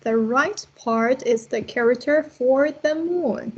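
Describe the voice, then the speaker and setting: A woman's voice: high-pitched, slow pace, slightly rough, highs cut off. A woman teaching a language class online, explaining patiently step by step over a video call.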